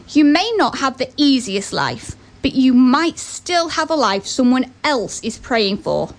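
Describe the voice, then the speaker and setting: A woman's voice: high-pitched, big pitch swings, a little slow, hardly any pauses. A woman giving an earnest motivational talk and telling a story, with chatty asides.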